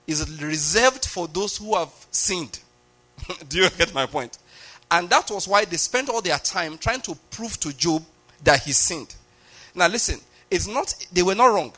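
A man's voice: fairly high pitch, pushed and bright. A man preaching a sermon, explaining a passage step by step and often checking that his listeners follow.

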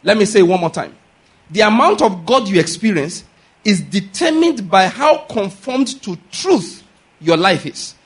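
A man's voice: high voice, very animated, measured pace, husky. A man preaching a sermon, emphatic, asking rhetorical questions, repeating key lines and calling for the audience to answer. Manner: calls for audience responses.

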